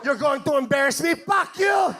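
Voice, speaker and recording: A woman's voice: high voice, animated, normal speed, raised voice, background noise. A man doing a scolding, doting mother. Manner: scolding, then pleading and tender. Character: stern, doting mother scolding her teen son.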